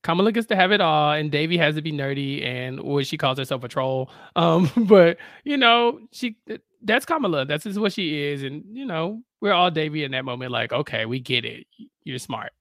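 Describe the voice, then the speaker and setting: A young woman co-hosting a podcast, recapping a TV episode in playful, animated casual chat. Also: low-pitched, brisk, few pauses, no echo, studio quality. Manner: playful, animated, laughs easily. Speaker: podcast co-host.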